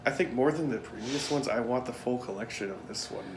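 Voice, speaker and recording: A man's voice: mid-range voice, a little fast, a little hiss or hum. A man chatting casually with his brother, with dry and crude jokes, also reading aloud from a card. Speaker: co-host, host's brother. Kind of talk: casual chat. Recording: echoey room.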